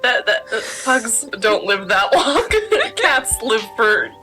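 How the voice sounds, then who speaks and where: A woman's voice: fairly high pitch, very animated, sharp tone, faint music behind. A woman chatting casually with a friend during a stream, giggling often. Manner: giggly, drawn-out banter. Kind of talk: casual chat.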